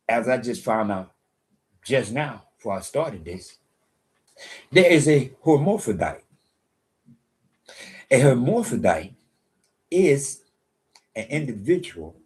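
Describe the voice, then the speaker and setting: A man's voice: mid-range voice, darkish tone. An American man giving a casual monologue commentary, preachy and boastful, who keeps repeating himself for emphasis. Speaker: online commentator.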